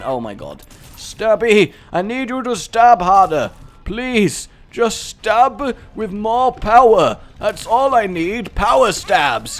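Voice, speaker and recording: A man giving casual, rambling commentary over a game he is playing, with self-mocking jokes and asides. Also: medium pitch. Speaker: gaming commentator.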